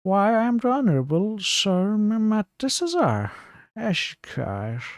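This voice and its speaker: Male streamer voicing a drunk, shifty gent with a squeaky, slurred bluster. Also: sing-song, slow, no echo, studio quality, heavily acted. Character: drunken shifty male gentleman, secretly an assassin.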